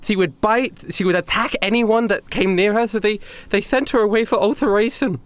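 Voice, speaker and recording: A man's voice: sits high, smooth, pitched above the performer's own voice, lightly acted. A man voicing a timid young captive woman who stammers and keeps apologizing. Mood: sorrowful. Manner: stammering, halting, many false starts.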